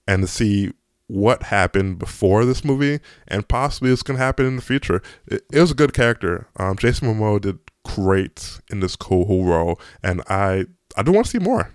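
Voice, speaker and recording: Excitable chatty man reviewing a movie. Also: fairly low pitch, dry recording, studio quality. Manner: excitable, chatty, frequent ums and restarts. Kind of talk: casual video review.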